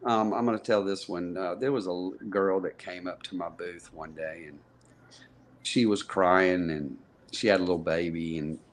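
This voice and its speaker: Low-ish guy rambling thru a story, lots of restarts, chatty podcast guest. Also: fairly even intonation, normal speed. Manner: rambling, many restarts and fillers. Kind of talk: casual storytelling in conversation.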